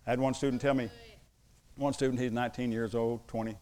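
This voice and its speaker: A man's voice: medium pitch, little pitch movement, fast, dark tone. A man preaching a sermon as pastor to his congregation, emphatic and mixing in humorous asides.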